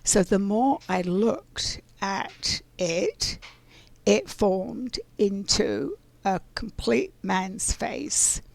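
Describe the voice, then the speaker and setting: A woman's voice: medium pitch, sing-song, drawn-out words, creaky, dry recording. A middle-aged woman telling a spiritual story in a casual, rambling way, full of fillers and restarts. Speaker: oracle card reader.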